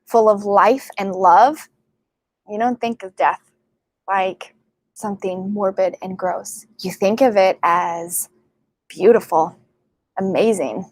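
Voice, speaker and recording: A woman working as a psychic medium, talking casually and excitedly to her viewers, full of fillers and "like". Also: medium pitch, takes it slowly, long pauses, no echo. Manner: chatty and excitable, many fillers and likes. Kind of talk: casual spiritual talk to camera.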